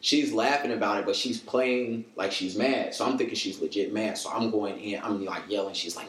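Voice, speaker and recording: A man's voice: fairly low pitch, normal speed, few pauses, reverberant. A man from the States, a podcast guest telling stories in casual chat and acting out what others said. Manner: animated storyteller, acts out quoted voices.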